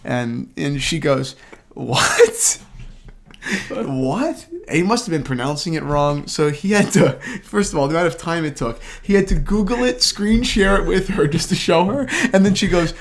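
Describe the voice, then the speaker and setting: A man's voice: fairly high pitch, lively intonation, moderate pace. A man hosting a casual podcast, telling a rambling story full of restarts and laughter. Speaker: podcast host. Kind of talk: casual chat.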